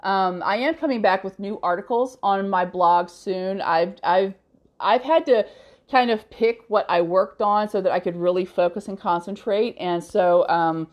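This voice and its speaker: A woman's voice: mid-range voice, a little slow, lo-fi sound. A woman hosting a casual live question-and-answer stream, chatty, laughing often and blunt with trolls. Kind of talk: casual live-stream chat reading comments.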